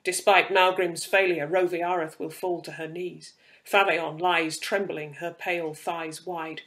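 Man doing ancient cruel creature, taunting, enticing, storybook villain, fairly high voice. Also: level tone, measured pace, fairly bright tone. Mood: menacing. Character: ancient cruel inhuman creature, mocking and hungry.

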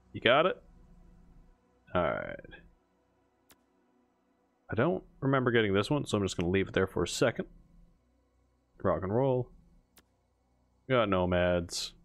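Excitable man in casual game commentary. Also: low-pitched. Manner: excitable, gasping exclamations and chuckles. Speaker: let's play gamer.

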